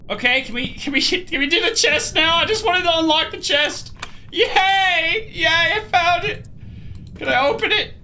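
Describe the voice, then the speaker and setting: A gamer giving let's play commentary on a horror game, thinking aloud through puzzles and exclaiming loudly at scares. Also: mid-range voice.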